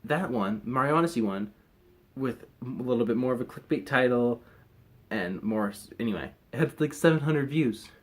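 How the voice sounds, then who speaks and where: A man's voice: mid-range voice, expressive, normal speed. A young man chatting casually to camera in a rambling, hesitant way, full of fillers and restarts. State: recovering from wisdom teeth removal. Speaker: vlogger.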